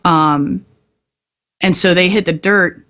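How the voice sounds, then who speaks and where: A woman's voice: lowish voice, slow pace, fairly bright tone, lo-fi sound. A woman guest on a podcast, telling stories in a candid, profane way and laughing often. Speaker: podcast guest, military veteran. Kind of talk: casual storytelling.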